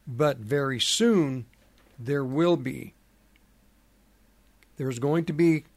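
A middle-aged man hosting a prophecy commentary program, speaking in a slow, halting way with many fillers and restarts. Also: on the high side, no echo. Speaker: radio program host.

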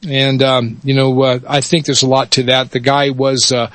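A man telling a story in a folksy, halting way, with many fillers and restarts. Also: medium pitch, level tone, fairly bright tone, no echo. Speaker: speaker telling a joke. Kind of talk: casual storytelling.

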